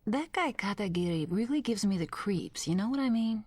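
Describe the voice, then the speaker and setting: A woman's voice: mid-range voice, expressive, normal speed, darkish tone, breathy edge. An actress playing a chatty, gossipy young woman running an inn in an English anime dub.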